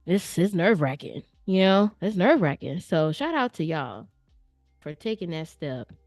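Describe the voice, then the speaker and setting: A chatty woman hosting a live stream, talking playfully and straight to her viewers with plenty of slang. Her voice sits on the low side, recorded close and dry, with soft music playing faintly underneath. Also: very animated, moderate pace, no echo. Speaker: livestream host reviewing viewer artwork. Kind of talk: casual live-stream chat. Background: faint background music.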